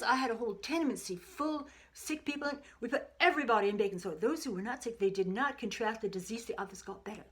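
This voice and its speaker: A woman's voice: a little high, lightly acted. A woman playing a chummy male country doctor from 1918, chatting heartily on an improvised phone call.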